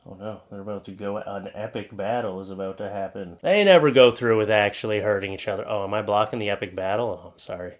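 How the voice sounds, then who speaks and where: A man's voice: fairly low pitch, fast, hardly any pauses. A man hosting a comedic reaction video, reacting to pictures and clips with joking, sarcastic asides. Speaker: YouTube host.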